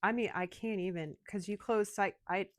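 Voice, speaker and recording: A woman giving an emotional, excitable channeled tarot reading, speaking straight to her viewers. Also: mid-range voice, normal speed, no echo. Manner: emotional, excitable, addresses listeners as darling. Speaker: tarot reader.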